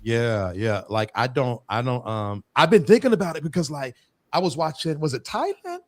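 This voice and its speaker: A man's voice: medium pitch, very animated, normal speed. A man from the United States hosting a podcast, playful and teasing in casual chat. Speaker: podcast host.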